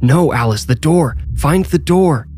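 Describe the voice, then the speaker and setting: A man voicing a brave priest who speaks steadily and urgently in a dark basement. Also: fairly quick, a little hiss or hum, natural voice. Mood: alarmed. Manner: steady, low, urgent under threat. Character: calm, brave middle-aged male priest.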